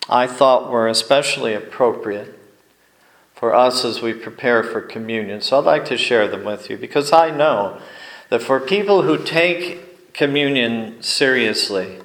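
A male pastor giving a sermon, telling folksy stories with deliberate pauses. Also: medium pitch, fairly bright tone, reverberant, low-quality recording. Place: church sanctuary.

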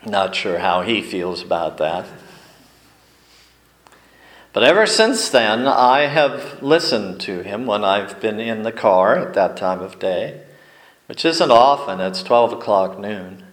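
A male pastor giving a sermon, telling folksy stories with deliberate pauses. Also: lowish voice, big pitch swings, reverberant, rough recording. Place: church sanctuary.

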